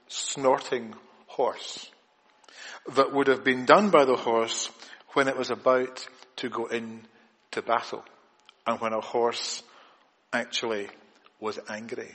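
A man delivers a sermon in a church with a long echo trailing after his words. His voice sits at a middle pitch. He builds to loud, emphatic points, then drops to hushed, quiet lines. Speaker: preacher. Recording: long hall reverb.

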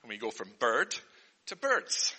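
Comic man as a mock teacher, sharp bright tone, bouncy pitch, flustered earnest patter. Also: huge pitch swings, a little slow, slightly rough. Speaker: comedian. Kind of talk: mock spelling lesson for an audience. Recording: long hall reverb.

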